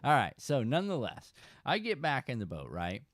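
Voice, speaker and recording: A man hosting a casual fishing livestream, telling a story with animated emphasis and chatting to viewers. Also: medium pitch, moderate pace, no room sound, studio quality. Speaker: fishing channel host.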